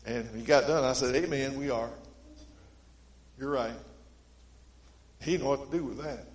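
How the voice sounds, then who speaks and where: A male preacher, giving a sermon in a folksy storytelling way, swinging between emphatic stretches and quiet ones. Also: medium pitch, moderate pace, roomy sound, low-quality recording.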